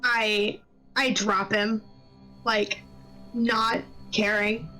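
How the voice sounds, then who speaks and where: A woman's voice: mid-range voice, level tone, extremely slow, bright, forceful tone, soft background music, poor audio. A woman playing a tabletop role-playing game, describing her character's actions playfully in the first person. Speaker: player.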